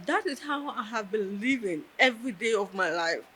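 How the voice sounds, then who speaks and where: Earnest woman, bright voice. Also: mid-range voice, animated, slight background noise. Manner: earnest, heartfelt, pauses and restarts. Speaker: interviewee, deaf artist. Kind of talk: personal storytelling in an interview.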